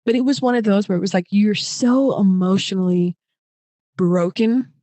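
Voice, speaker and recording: A young woman recounts her own story as a podcast guest, slipping into voices for the people she quotes. Her speech is chatty and full of fillers, at a middle pitch for a woman. The sound is close and dry, with no room echo. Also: normal speed. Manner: animated, acts out quoted voices; many fillers like "like". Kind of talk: personal storytelling.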